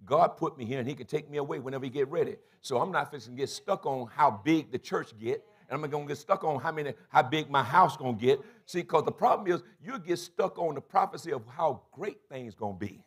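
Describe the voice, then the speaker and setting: A husky, slightly high-pitched man in his sixties preaches a sermon. He tells stories and circles back on phrases for emphasis, dropping to quiet asides and then rising to loud calls. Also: expressive, fairly quick, hardly any pauses. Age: 60s. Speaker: pastor.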